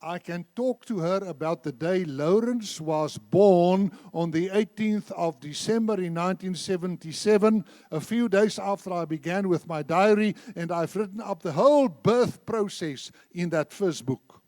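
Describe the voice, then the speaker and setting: High-voiced older man preaching. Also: unhurried, hardly any pauses, dry recording, clean studio sound. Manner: animated storyteller, acts out dialogue. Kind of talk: sermon with told anecdotes. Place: church.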